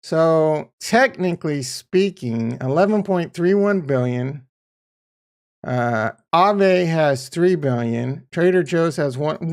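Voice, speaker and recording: A man with a slightly raised pitch talks through his crypto holdings in a loose, casual way. He drifts between low muttering and blunt, profane outbursts, swearing freely as he goes. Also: expressive, slow pace, clean tone. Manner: swings from quiet muttering to heated ranting. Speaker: crypto YouTuber. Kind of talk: casual screen-share commentary.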